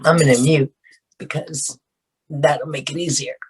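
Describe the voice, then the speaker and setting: A woman's voice: low voice, fairly even intonation, a little slow, noisy background. An older woman, a grandmother figure, hosting a casual group video call and asking questions with affectionate, familiar talk. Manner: warm-hearted, calls people baby and darling. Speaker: host and film matriarch.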